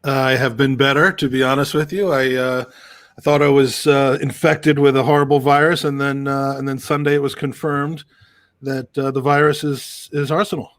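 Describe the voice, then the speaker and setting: A man's voice: medium pitch, flat delivery, moderate pace, a bit bright, dry recording. A man in casual podcast chat, dry and self-mocking, groggy from being unwell. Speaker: podcast co-host.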